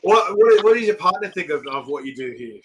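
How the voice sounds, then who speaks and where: A man's voice: high voice, lively intonation, a little fast, highs cut off. A man with an Australian accent hosting a casual live-stream interview, chatty and slangy, laughing often. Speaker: host.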